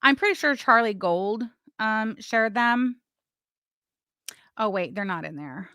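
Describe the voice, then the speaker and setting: A woman's voice: fairly high pitch, expressive, slow, pushed and bright, smooth, no room sound, studio quality. A woman hosting a casual livestream, chatting and reading messages with sarcastic asides. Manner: chatty, sarcastic, talks to chat while doing other things. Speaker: livestream host.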